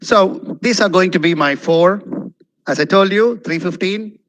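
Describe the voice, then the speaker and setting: Animated man drilling English pronunciation. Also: high voice, a little slow, poor audio. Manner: animated, repeats words for drill, checks in with "okay?". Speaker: webinar speaker on spoken English. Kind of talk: online lecture. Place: webinar, video call.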